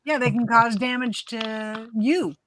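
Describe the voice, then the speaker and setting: A woman's voice: fairly high pitch, unhurried, a bit bright. A woman hosting a casual live-stream chat, laughing often and reading out viewer comments.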